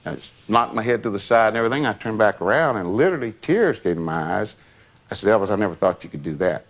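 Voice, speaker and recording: An older man, a longtime associate, rambles casually through personal memories full of asides. His voice is lowish and sing-song, and he talks fast.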